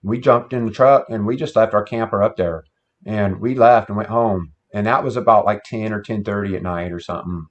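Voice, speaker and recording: A man's voice: fairly low pitch, a little fast. Folksy man telling a campfire story. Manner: plain-spoken, folksy. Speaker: guest telling an encounter story. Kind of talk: casual storytelling. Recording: dull lo-fi sound.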